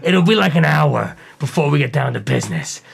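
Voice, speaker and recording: A man co-hosting a podcast, chatting bluntly and swearing casually in a gravelly, raspy voice. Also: a little high, animated, brisk. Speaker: podcast co-host, DJ producer. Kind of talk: casual chat.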